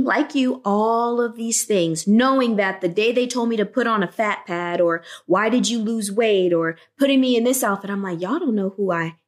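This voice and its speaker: A woman in casual podcast conversation, with a slightly high voice. She tells her stories in an animated, sassy way, acting out everyone's lines. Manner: animated storytelling, acts out dialogue, sassy. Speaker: guest.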